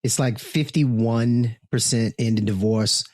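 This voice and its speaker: A man's voice: medium pitch, steady tone, slow pace, a little mellow, dry recording, studio quality. Blunt, joking male co-host. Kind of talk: casual podcast chat.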